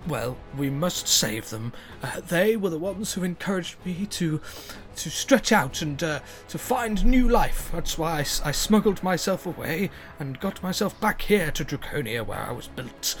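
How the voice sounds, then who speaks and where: A game master voicing a cheerful, self-important talking train engine in a high, booming voice. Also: lively intonation, measured pace, hardly any pauses, faint music behind. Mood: grand.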